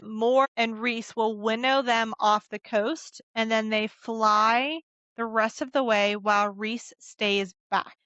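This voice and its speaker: A woman's voice: a little high, fairly bright tone, smooth, dry recording, highs cut off. Woman podcaster musing through a book recap. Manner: conversational, muses aloud with open questions. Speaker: podcast host.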